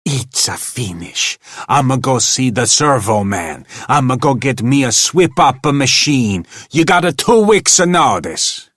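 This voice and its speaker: A man's voice: low voice, lively intonation, slow pace, hardly any pauses, pushed and bright, husky, dry recording, studio quality, full character voice. A man voicing a blustering theater manager who screams insults in broken English. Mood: enraged.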